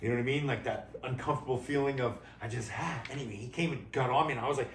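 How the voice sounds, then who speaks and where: A Canadian man co-hosting a casual chat, an animated storyteller who is quick to laugh. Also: medium pitch, distant mic. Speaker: co-host and athlete. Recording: echoey garage, voice a little off-mic, faint noise.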